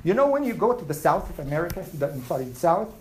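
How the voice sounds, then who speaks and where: A woman teaching a Quran class, asking her students questions and reciting Arabic verses quickly. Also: lowish voice, big pitch swings, a little hiss or hum, poor audio. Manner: asks the class questions and answers them. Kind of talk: classroom lesson.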